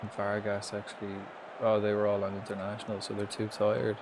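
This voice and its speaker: A man's voice: fairly low pitch, a little fast, background noise. An Irish man commentating live on a football management game, swearing freely and chatting with viewers. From Ireland. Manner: swearing, excitable, chatting with chat. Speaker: streamer.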